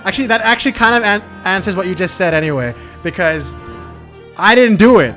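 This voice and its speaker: A man's voice: sits high, expressive, a little fast, bright, forceful tone. A man streaming a game, chatting loosely and self-mockingly, swearing often. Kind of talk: casual game let's-play commentary. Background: background music.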